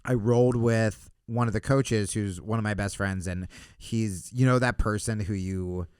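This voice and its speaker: Animated, swearing storyteller man, low voice. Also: normal speed, smooth, no echo, studio quality. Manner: laughs through his stories. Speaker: podcast guest, comedian. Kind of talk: casual chat. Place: podcast studio.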